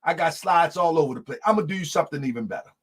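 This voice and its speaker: A man in a heated live debate, speaking emphatically, often shouting, repeating lines for effect and calling the audience family. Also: on the high side, lively intonation, very fast.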